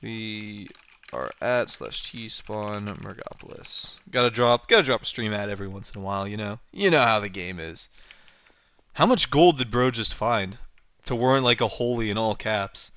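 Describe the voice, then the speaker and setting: A man's voice: fairly low pitch, expressive, normal speed, fairly bright tone, clean tone, dry recording, highs cut off. A young man livestreaming a game, chatting casually and rambling playfully as he thinks aloud while building. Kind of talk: casual gameplay livestream chat.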